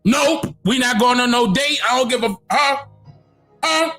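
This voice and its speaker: High-voiced man shouting his reactions. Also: measured pace, faint music behind. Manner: exclamatory, shouting, repeating himself. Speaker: reaction video host. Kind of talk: excited reaction commentary.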